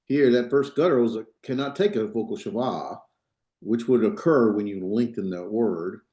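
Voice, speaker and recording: A man teaching a class in a loose, unpolished way, restarting sentences and checking that students follow. His voice is mellow and relaxed, and it echoes around the room. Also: on the low side, moderate pace. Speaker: Biblical Hebrew teacher. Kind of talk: classroom lecture.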